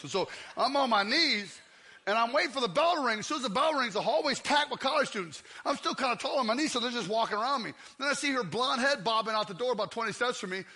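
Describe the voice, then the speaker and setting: Bright-voiced high man preaching. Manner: comic storytelling, acts out scenes. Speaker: pastor. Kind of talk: sermon. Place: church.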